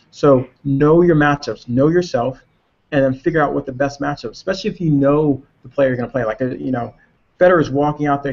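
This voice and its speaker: A man who coaches tennis, explaining drills in a casual webinar discussion and pausing to find his words. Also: a little high, gravelly, darkish tone. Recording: muffled lo-fi webinar audio.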